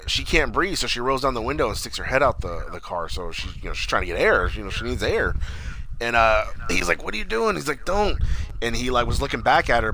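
A man chats casually about a movie he just watched, stringing events together with constant fillers and casual swearing. His voice is bright and forward. A faint hiss sits under the recording. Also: mid-range voice, poor audio. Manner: rambling, profane, full of "like". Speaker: podcast co-host. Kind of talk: casual movie recap chat.

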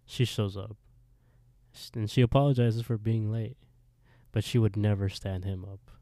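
Man, low voice, casual podcast recap, laughs and swears, dry close recording. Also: normal speed, no echo. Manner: animated storyteller, swears, laughs often. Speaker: podcast co-host.

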